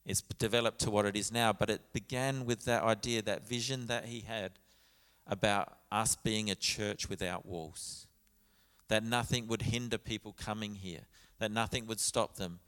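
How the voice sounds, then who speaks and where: A man's voice: fairly low pitch, fairly even intonation, normal speed, a bit bright. A man, a pastor telling a story in a sermon with quoted dialogue and frequent restarts. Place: church sanctuary. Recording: church hall with long reverb.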